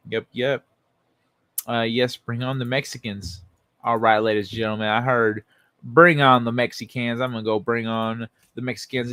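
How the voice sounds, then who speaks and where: Male streamer, casual sarcastic commentary, average pitch, dry close mic. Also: a bit bright, no room sound. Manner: sarcastic, profane, laughing often. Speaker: livestream host. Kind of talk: casual livestream commentary reading articles to chat.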